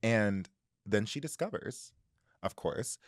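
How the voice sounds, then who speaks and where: A man with a fairly low voice co-hosts a casual book podcast, walking through a plot with animated storytelling. His voice sounds close and dry, with no room around it. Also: slow, no echo. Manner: animated storytelling, acting out characters' lines. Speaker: podcast co-host.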